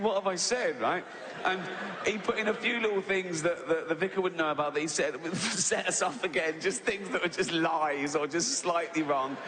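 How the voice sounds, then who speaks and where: A man's voice: a little high, fairly bright tone. A man, performing a stand-up comedy set, telling a story and often tagging lines with "right?". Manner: storytelling with frequent "right?" tags and laughs. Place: large theatre on stage. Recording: live hall reverb with audience noise.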